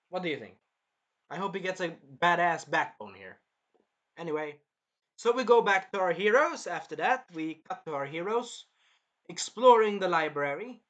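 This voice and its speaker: A man's voice: high-pitched, a bit bright. A man giving a casual episode review, rambling, repeating himself and swearing. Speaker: show reviewer.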